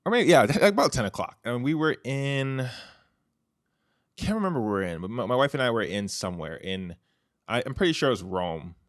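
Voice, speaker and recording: A man hosts his own podcast, talking to listeners in a loose, rambling way that is filled with "like" and "you know". His voice sits at an ordinary middle pitch. He is recorded close to the microphone in a dry space with no room echo. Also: big pitch swings, a little fast. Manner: chatty, heavy use of "like" and "you know", restarts. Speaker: podcast host. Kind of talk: casual solo podcast monologue. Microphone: close studio microphone.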